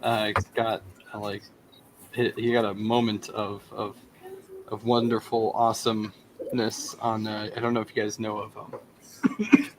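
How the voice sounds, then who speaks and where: A man's voice: fairly low pitch, level tone, measured pace, pauses often, noisy background. A man co-hosting a live stream in casual chat, rambling and searching for words as he tells a story. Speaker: co-host.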